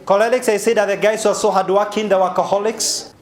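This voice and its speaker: Speaking fast in a high voice, this Kenyan-accented man delivers a funny, lively motivational seminar talk live, spelling out key words as he goes.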